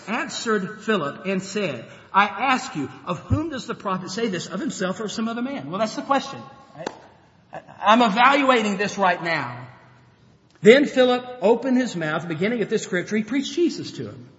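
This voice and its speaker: A man preaching a sermon, telling Bible stories in an animated way and acting out the characters. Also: sits high. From grew up on a farm. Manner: animated storytelling, acts out Bible characters, chuckles. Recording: dull lo-fi sound with long hall reverb.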